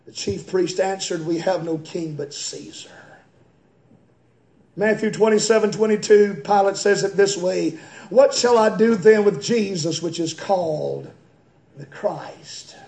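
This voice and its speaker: A male pastor preaching a fiery sermon in a church, swinging from quiet, slow reading to high, shouted preaching. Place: church sanctuary. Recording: echoey church room.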